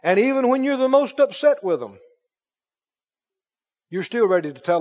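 A man preaching a sermon as pastor, reading scripture aloud with animated delivery. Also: extremely high pitch, normal speed, long pauses. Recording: dull sound in a long-reverb hall.

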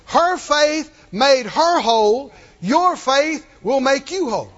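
A man's voice: extremely high pitch, animated, slow, fairly bright tone. A man preaching a sermon in a church, emphatic and repetitive, calling on the congregation to repeat after him. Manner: emphatic and repetitive, leads call-and-response. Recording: muffled, with long hall reverb.

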